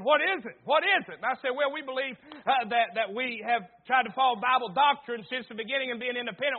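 A man pastor preaching a sermon, stammering through asides and rising to loud exhortation. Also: very high voice. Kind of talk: sermon with personal story. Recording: tinny phone-like recording.

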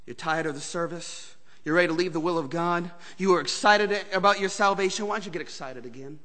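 A male preacher delivering a pleading revival sermon, swinging between hushed, intimate appeals and shouted calls. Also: on the high side, fairly quick, in a large hall. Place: church sanctuary.

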